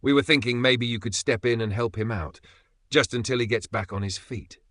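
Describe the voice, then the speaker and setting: A pleading middle-aged mother who lays on the guilt, as a male narrator reads her lines. Her voice is bright and forceful, and it sits close and dry. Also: mid-range voice, brisk, no room sound, close to an everyday voice.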